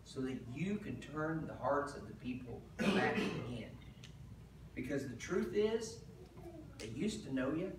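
A male pastor preaching a sermon, retelling a story in an animated way with casual asides. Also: mid-range voice, unhurried, noisy background. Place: church sanctuary. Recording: very echoey church hall, mic at a distance.

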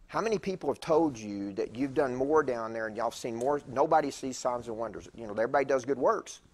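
A husky-voiced man in his fifties preaches as a guest speaker in a church. He talks in a chatty, rambling way, often restarting his sentences. His voice sits at a middle pitch. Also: lively intonation, brisk. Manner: chatty, digressive, with stammered restarts. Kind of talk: conversational sermon storytelling. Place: church sanctuary.

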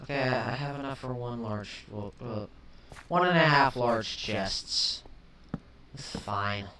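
Excitable young man, mic set back. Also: medium pitch, slow. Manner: chatty, flares into shouted rage at the game; swaps swears for mild substitutes. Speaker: gaming commentator. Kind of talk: let's play commentary. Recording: distant mic with faint hiss.

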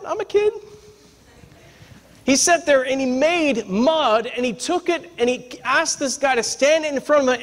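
A man preaching a sermon to his congregation in a church. He tells stories with humor and keeps checking in with the congregation by asking for an "amen". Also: sits high. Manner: lively, talks straight to the congregation with repeated "amen?" and "right?"; humorous, folksy storytelling. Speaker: pastor. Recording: long reverb from a large room.

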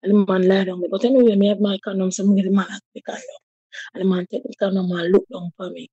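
A woman in her thirties with a Jamaican accent speaks in a husky, mellow voice. She tells a personal story with deep feeling, slipping into patois. The sound is dry and close. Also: level tone, quick pace, no room sound, muffled recording. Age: 30s. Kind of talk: personal testimony.

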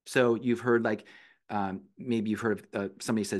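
Man calmly explaining breathing techniques. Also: fairly low pitch, normal speed. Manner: patient, explanatory, walks through steps one by one. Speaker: podcast guest, meditation and breathing teacher. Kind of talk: conversational explanation.

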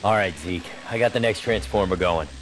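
An actor playing a brooding superpowered male hero in a video game, terse and gravelly. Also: sits low, a little fast, lightly acted. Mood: dry.

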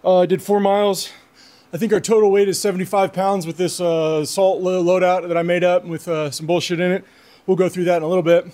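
A man's voice: sits high, level tone, a little fast, dark tone. A man on a casual gear review vlog, talking loosely and swearing freely, out of breath after a long ruck march, outdoors with a clip-on mic. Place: outdoors in his front yard.

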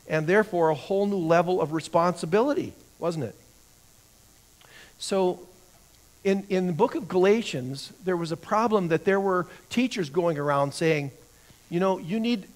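Fairly high-voiced man teaching a Bible class. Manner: asks the class questions and answers them himself; halting, repeats words while thinking. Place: church classroom.

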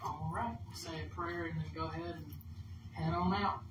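Conversational preacher in an echoey church. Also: male voice, a little high, fairly even intonation, normal speed. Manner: conversational preaching, acts out inner dialogue. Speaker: minister. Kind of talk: sermon. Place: church hall. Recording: echoey room, distant mic, background noise.

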